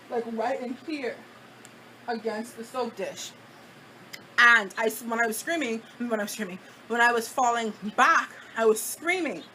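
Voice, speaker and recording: A woman's voice: a little high, bright, forceful tone, slight background noise, rough recording. A woman vlogger telling a personal story in a dramatic, chatty way, full of "like" fillers. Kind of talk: casual storytime.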